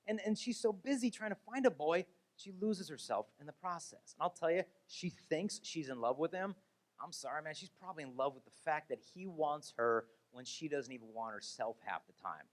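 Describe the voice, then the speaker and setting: A man speaks to a young crowd in an animated, storytelling way. His voice sits a little higher than most men's, and he keeps slipping into the voices of gossiping teenage girls. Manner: animated, acts out voices of teens. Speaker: speaker on chastity. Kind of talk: lively talk to a young audience.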